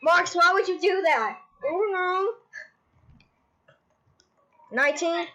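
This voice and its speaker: A woman chatting excitedly while playing an online game with friends, giggly and playful, shrieking when startled. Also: extremely high pitch, slow. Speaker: gamer recording gameplay with friends. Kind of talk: excited gameplay chat.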